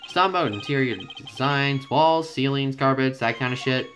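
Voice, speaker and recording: A man's voice: medium pitch, moderate pace, hardly any pauses. A man giving loose, rambling, profane commentary while playing a game. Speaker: gaming YouTuber. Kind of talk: casual let's-play commentary. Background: game music.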